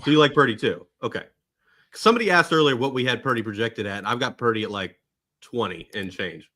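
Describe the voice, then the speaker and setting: Georgia guy on a betting podcast, always joking, bright punchy voice. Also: medium pitch, animated, brisk. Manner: jokey, playful, never serious. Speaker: podcast co-host. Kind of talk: casual sports betting chat.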